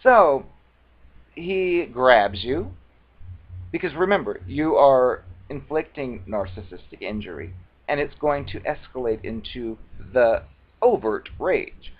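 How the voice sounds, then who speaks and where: A man's voice: mid-range voice, takes it slowly. A man telling a personal story in a casual monologue, acting out other people's lines with dramatic flair. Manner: animated, acts out quoted voices dramatically. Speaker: video blogger. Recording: dull lo-fi recording.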